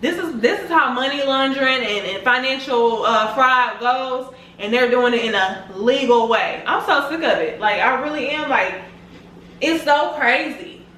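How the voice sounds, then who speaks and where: A woman's voice: sits high, unhurried, sharp tone, slight background noise. Exasperated young woman venting, echoey room. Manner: exasperated, swears often, repeats herself. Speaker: vlogger. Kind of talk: frustrated venting to camera. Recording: echoey room, mic at a distance.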